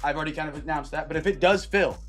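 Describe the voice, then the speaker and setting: A man's voice: a little high, fairly bright tone, soft background music. Upbeat man hosting a live card break. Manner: upbeat, chatty, greets viewers by name, drawn-out hype calls. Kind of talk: live stream chat with viewers.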